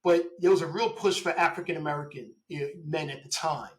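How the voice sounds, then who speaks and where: A man in his forties, a police officer telling his story in a casual interview, lively, laughing and acting out quoted dialogue. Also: fairly high pitch, fast, rough recording.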